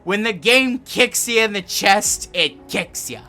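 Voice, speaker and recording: A man reviewing a video game in a casual, excitable way, swearing a lot and rambling. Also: sits high, slow pace, soft background music.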